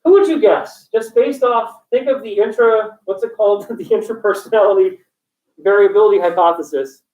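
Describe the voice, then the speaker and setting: A man's voice: high-pitched, moderate pace, darkish tone. A male college instructor giving a classroom lecture, joking and going off on tangents while quizzing his students. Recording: echoey classroom, distant dull mic.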